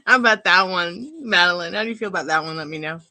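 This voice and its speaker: A woman's voice: fairly low pitch, expressive, brisk, bright, forceful tone, rough recording. A woman giving a live-stream tarot reading, chatty and rambling and laughing often. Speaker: tarot reader. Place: at home.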